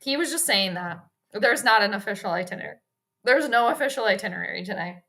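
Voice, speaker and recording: A young woman hosts a relaxed sports live stream, her voice bright and clear at a middle pitch. She chats loosely, drifts into asides and greets viewers by name as they arrive. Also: fast talker. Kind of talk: casual live-stream chat.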